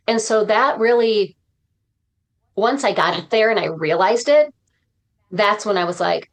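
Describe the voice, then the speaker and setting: A woman's voice: mid-range voice, normal speed. A woman guest on a podcast, a motivational speaker talking in an earnest, reflective way and dropping uplifting sayings. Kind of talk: podcast interview conversation.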